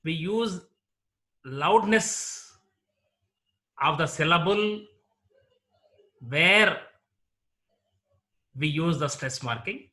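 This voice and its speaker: A man with an Indian English accent, teaching a lecture on word stress and repeating each example word slowly. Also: on the high side, lively intonation, sharp tone. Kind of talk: slow explanatory lecture.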